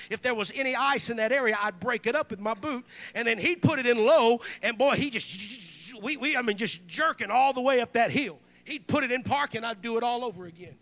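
A young man preaching a sermon, telling a personal story and swinging from hushed confiding to shouted, excited praise. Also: very high-pitched.

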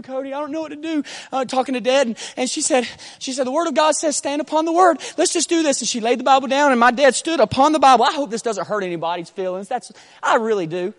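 A man with a very high-pitched voice preaches an impassioned sermon, often starting hushed and building to shouting. He leans on repeated rhetorical questions.

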